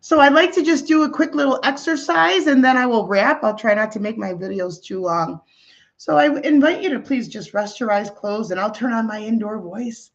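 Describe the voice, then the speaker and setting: Gentle-voiced woman spiritual healer. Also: on the high side, moderate pace. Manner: gentle, soothing, with frequent fillers. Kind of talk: spiritual talk and guided breathing meditation. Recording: slightly dull, muffled audio.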